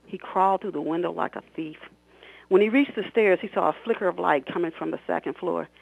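This man's voice sits high and moves a little fast, gravelly with a breathy edge. On a radio talk show he reads a scene from his own novel with lots of expression, shouting the characters' lines, then chats about it. The tinny phone line sounds dry, with no room sound.

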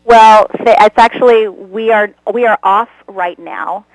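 A chatty woman guest in a casual interview, laughing easily and poking fun at herself. Her voice sits at an ordinary middle pitch. The sound is dry and close, with no room around it. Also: steady tone, unhurried, no echo, poor audio. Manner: chatty, laughs often, self-deprecating. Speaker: guest, comedy actor. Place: Los Angeles.

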